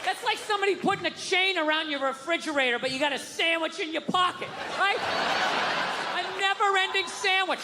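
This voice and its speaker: Man ranting stand-up in a high voice. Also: fairly quick. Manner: ranting, profane, shouting. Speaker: stand-up comedian. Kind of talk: stand-up comedy set. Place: live comedy venue stage. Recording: live stage mic with crowd noise. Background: audience laughter.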